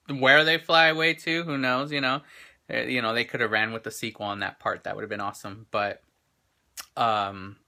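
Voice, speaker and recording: A man's voice: mid-range voice, pushed and bright. A man in his thirties hosting a casual vlog chat, rambling and enthusiastic with lots of restarts, recorded on a handheld camera in an indoor gallery. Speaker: show host.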